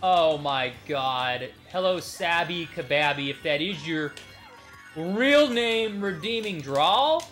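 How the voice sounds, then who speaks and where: A man streaming a game, ranting and yelling in an exaggerated put-on country drawl. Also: fairly high pitch, slow, hardly any pauses, faint music behind. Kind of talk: live game stream commentary.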